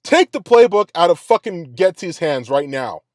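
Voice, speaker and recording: A man's voice: high-pitched, very animated, normal speed, dry recording, studio quality. A man hosting a sports reaction show, ranting in a heated, profane way and repeating his complaints. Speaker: sports podcast host. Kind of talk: angry sports reaction rant.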